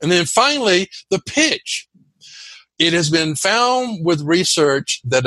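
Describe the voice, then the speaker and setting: Energetic male guest coach, husky tone, lively pitch swings, dry close sound. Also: takes it slowly, dry recording. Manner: energetic, emphatic, teaching in lists. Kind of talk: animated interview talk.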